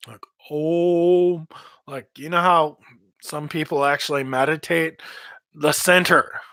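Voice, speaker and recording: A man's voice: fairly high pitch, fairly even intonation, normal speed, bright, forceful tone, no echo. A man, a metal vocalist, giving rambling casual advice on singing, repeating himself as he goes. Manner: rambling, repeats words, demonstrates screams and growls.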